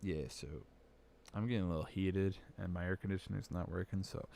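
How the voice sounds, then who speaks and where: A young man hosting a homemade radio-style show, ranting loudly and mocking the voices of a company, then settling into a laid-back ramble. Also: low-pitched, level tone, fairly quick, gravelly. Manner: loud exasperated rant with mocking quoted voices. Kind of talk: casual ranting monologue.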